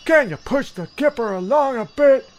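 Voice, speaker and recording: An exasperated man in a comedy sketch hurries the play along in gruff, impatient bursts. His voice is very high for a man. Faint music sits behind him. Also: lively intonation, normal speed. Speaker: heckling offstage narrator.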